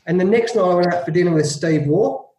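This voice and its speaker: A man's voice: high-pitched, quick pace, roomy sound, poor audio. A middle-aged Australian man, a former cricketer, telling his story in an interview, acting out dialogue and laughing often. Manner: lively anecdotal, acts out dialogue, laughs often. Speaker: guest, former test cricketer.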